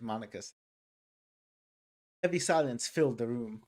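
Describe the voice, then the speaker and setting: A man playing a visual novel, reading its narration and dialogue aloud with quick asides of his own. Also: mid-range voice. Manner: reads dialogue lines and narration plainly, with asides. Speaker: game streamer.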